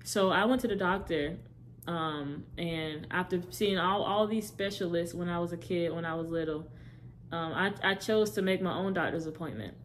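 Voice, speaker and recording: Young woman, lower voice, candid testimony storytelling, rambling, faint background hiss. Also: moderate pace. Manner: candid, talks straight to viewers; rambling, self-correcting. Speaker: testimony speaker.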